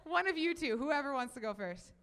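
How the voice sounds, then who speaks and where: A young woman giving a talk at a youth event, telling stories in a chatty, animated way and taking audience questions. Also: high voice, a little fast. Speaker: speaker.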